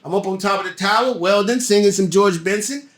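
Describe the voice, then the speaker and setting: Profane storytelling man, high voice, roomy sound. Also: a little fast. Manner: profane, lively storyteller who acts out voices. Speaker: guest actor. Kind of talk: casual podcast storytelling. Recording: roomy echo.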